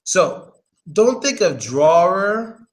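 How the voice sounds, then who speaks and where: A man's voice: sits high, sing-song. Casual man teaching pronunciation. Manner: informal, repeats words slowly, casual swearing. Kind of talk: casual live-stream lesson.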